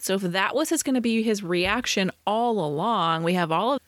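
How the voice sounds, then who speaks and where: A woman's voice: mid-range voice, no room sound. Woman, podcast co-host, casual movie review chat, wry and opinionated, dry close mic. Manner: wry, opinionated, quick asides.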